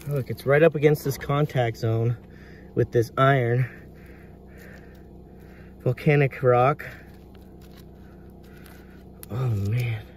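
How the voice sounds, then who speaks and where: A man prospecting in a hard rock mine, giving excited running commentary to his viewers as he works. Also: mid-range voice, slow pace, long pauses, far from the mic, a little hiss or hum. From United States. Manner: excitable, marvelling, talks to viewers.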